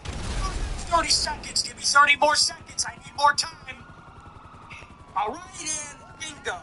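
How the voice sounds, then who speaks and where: Man doing a pompous lab tech, high, sharp, mock-dramatic. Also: unhurried, a little hiss or hum, heavily acted. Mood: mock-serious. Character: man playing a self-important lab technician.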